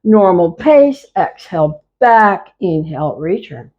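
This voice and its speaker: A woman leading a chair yoga class, giving calm, repetitive cues to move slowly and breathe. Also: on the low side, highs cut off. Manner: slow, calm, repetitive cueing. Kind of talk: guided exercise class instruction.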